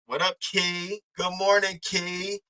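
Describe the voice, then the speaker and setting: Young male commentary streamer, bright, tense tone, profane casual patter. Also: sits high, little pitch movement, takes it slowly, slight background noise, poor audio. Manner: loose, profane, slangy, shouts out chatters.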